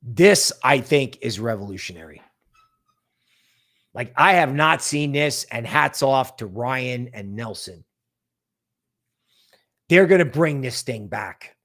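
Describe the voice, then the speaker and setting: A man's voice: medium pitch, slow, pauses often. A man hosting a crypto livestream, talking casually and animatedly, often mocking other people's worries in quoted voices. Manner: animated, sarcastic, mock-quoting others.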